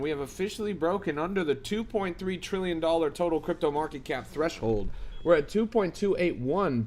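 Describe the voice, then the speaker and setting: Hyped slangy male crypto streamer. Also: high voice. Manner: hyped, slangy, talks to chat. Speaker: crypto livestream host. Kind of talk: casual live-stream commentary.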